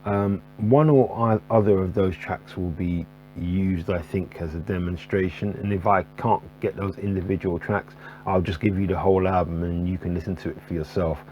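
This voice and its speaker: A man's voice: low voice, fairly even intonation, moderate pace, mellow, muffled recording. A man talking casually about his jazz record collection in a rambling way, full of fillers and restarts. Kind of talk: casual to-camera talk. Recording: faint electrical buzzing hum.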